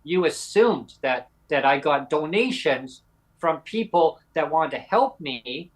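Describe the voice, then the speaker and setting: On a podcast, a male co-host speaks combatively and directly to a critic he calls "bud." His voice is a little high and animated, he takes his time, and the audio quality is poor.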